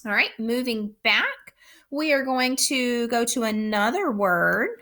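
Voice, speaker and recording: A woman teacher giving a recorded phonics lesson for young children, speaking slowly and patiently with careful, clear enunciation. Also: a little high, expressive, sharp tone.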